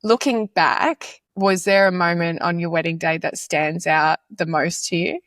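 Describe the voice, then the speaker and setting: Low-voiced woman hosting. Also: a little slow, no room sound, studio quality. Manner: relaxed, empathetic, asks open questions. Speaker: podcast host. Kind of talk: conversational interview.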